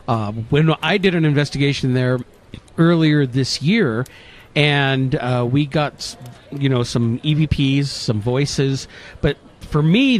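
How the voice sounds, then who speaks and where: Man telling a ghost story. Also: mid-range voice. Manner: relaxed storytelling with frequent fillers. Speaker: paranormal investigator and co-host. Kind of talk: casual radio chat.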